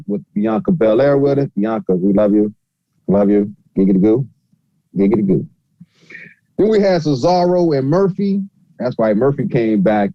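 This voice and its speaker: A man hosts a podcast, running through a recap in a loose, rambling way. He leans on fillers and asides as he goes, speaking at a middle pitch. The sound is dry and close, a little dull and muffled. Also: no echo. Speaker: podcast host. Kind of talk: casual show recap.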